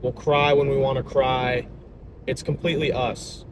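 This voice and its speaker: Upbeat young guy rambling in slangy vlog talk, mid pitch, cars and traffic all around him outside. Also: level tone, moderate pace. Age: young adult. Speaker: vlogger and salesman. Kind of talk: casual vlog chat. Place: outdoors by a road. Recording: outdoor traffic noise.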